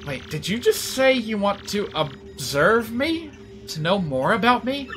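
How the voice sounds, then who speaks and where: A man voicing a curious, spirited young princess in a raised, lively voice. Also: measured pace, faint music behind, exaggerated voice. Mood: surprised. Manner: lively, higher put-on voice.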